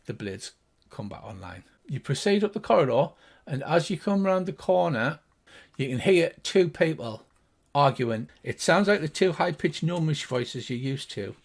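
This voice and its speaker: An older man narrating as game master of a tabletop game, describing scenes in a relaxed storytelling way. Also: on the high side, moderate pace, creaky.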